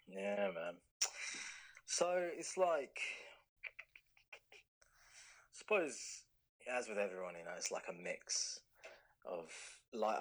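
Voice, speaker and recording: A British man from London speaking as a podcast guest. His voice sits a little low, and he talks in an easygoing, hesitant way, full of "um" and "you know.". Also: poor audio. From London, England. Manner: easygoing, hesitant, many fillers. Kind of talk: casual podcast chat.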